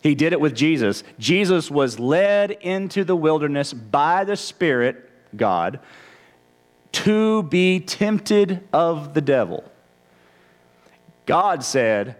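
A man's voice: on the high side, very animated, slow. A male pastor preaching a conversational sermon, often stammering and restarting his phrases. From Texas, United States.

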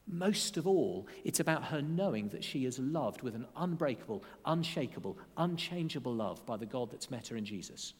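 A man preaching a sermon as pastor during a church service, earnest and expressive, slowing down to lean on key phrases. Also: mid-range voice, husky. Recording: long reverb of a large church hall.

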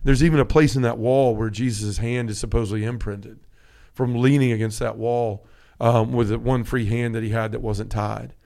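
A man's voice: medium pitch, fairly even intonation, moderate pace, vocal fry, warm tone. A man hosting a podcast, talking earnestly and emotionally about a pilgrimage, reading scripture aloud and rambling with restarts. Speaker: podcast host. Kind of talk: casual conversation about a pilgrimage.

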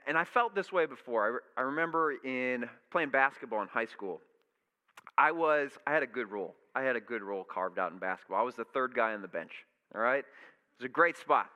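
Bright-voiced pastor preaching casually. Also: male voice, mid-range voice. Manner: casual storytelling, acts out quoted thoughts. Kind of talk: conversational sermon. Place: church sanctuary. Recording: echoey hall reverb.

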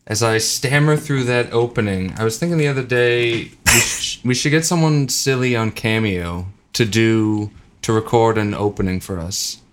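A man's voice: mid-range voice, slight background noise. A man co-hosting a casual podcast about movies and TV, joking and laughing often. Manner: jokey, laughs often, quick asides. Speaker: podcast co-host.

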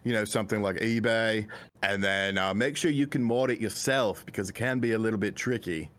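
A man's voice: fairly low pitch, fairly quick, fairly bright tone, a little hiss or hum, pitched below the performer's own voice, natural voice. A man putting on a mock British accent to impersonate a retro gaming expert on a casual podcast. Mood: instructive.

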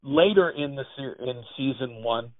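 A man, an actor and writer, telling animated anecdotes in a casual interview. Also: mid-range voice, normal speed, no room sound. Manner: animated anecdotes, acts out quotes. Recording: tinny phone-like line, dry.

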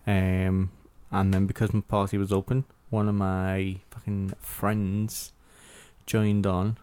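A man's voice: low-pitched, level tone, slow pace, a little mellow, smooth. A man co-hosting a podcast, swearing and mocking in casual banter. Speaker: podcast co-host. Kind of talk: casual chat.

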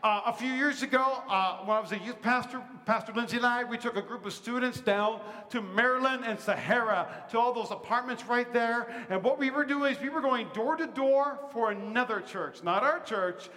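A man's voice: very high-pitched, normal speed, few pauses, pushed and bright, long reverb tail. A man preaching a sermon at a church service, talking to the congregation in a conversational way and quizzing them with questions. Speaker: pastor.

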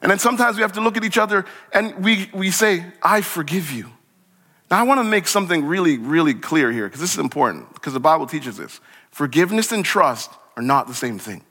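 A man preaching a sermon as a church pastor, conversational and animated, acting out little scenes from the text. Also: on the high side, fairly quick. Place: church sanctuary. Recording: long hall reverb.

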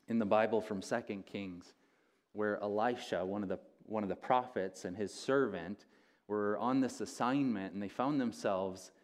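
A man's voice: on the low side, a little mellow. A man, a pastor, preaching an earnest, conversational sermon and often restarting his phrases.

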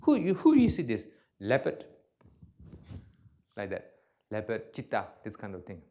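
A man teaching in halting non-native English, answering audience questions in a lecture hall and acting out examples with emphasis. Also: on the low side, huge pitch swings, mellow. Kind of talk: spoken talk and Q&A.

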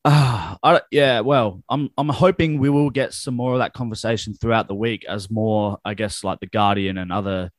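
A man's voice: fairly low pitch, normal speed, hardly any pauses, dry recording, studio quality. A man co-hosting a casual football chat, blunt and profane, given to heated rants. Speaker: podcast co-host.

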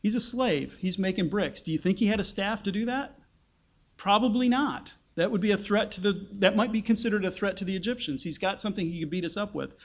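Guy teaching a bible sermon, chatty, lots of rhetorical questions, high voice. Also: brisk. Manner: conversational, asks rhetorical questions. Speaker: preacher.

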